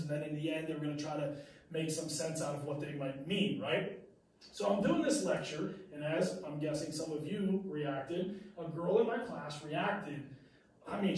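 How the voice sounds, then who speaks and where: A male teacher telling a classroom story and lecturing, animated and full of fillers and restarts. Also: fairly high pitch. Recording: echoey room, mic at a distance.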